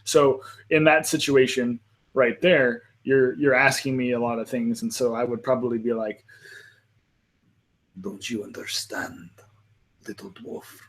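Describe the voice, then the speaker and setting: A man's voice: mid-range voice, flat delivery, moderate pace, poor audio. A man on a live panel, explaining in a casual, easygoing way.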